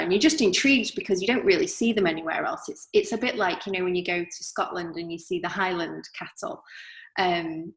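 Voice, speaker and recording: A woman with a softened northern English accent, talking casually as an artist guest, reflective and full of fillers. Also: fairly low pitch, echoey room, low-quality recording. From northern England. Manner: reflective, chatty, many fillers. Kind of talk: casual interview chat.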